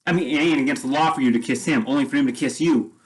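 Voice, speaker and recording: A man's voice: mid-range voice, rapid-fire, natural voice, low-quality recording. A man voicing a drunk, leering small-town sheriff with a slurred drawl. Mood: dismissive.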